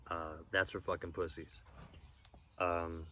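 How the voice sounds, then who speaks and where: Low-voiced young man, rambling and profane. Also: little pitch movement, sharp tone, slight background noise. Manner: rambling, profane, halting with many fillers. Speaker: vlogger. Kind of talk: casual storytelling monologue.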